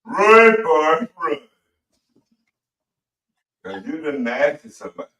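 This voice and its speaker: Older man, high bright voice, profane stammering ribbing, off-mic in an echoey room. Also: very animated, takes it slowly, far from the mic, dull audio. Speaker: co-host husband.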